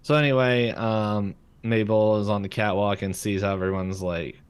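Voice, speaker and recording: A man's voice: lowish voice, fairly even intonation, normal speed, clean tone, no room sound. A man co-hosting a podcast, casually recapping a cartoon episode with lots of fillers and laughter. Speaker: podcast co-host. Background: passing freight train.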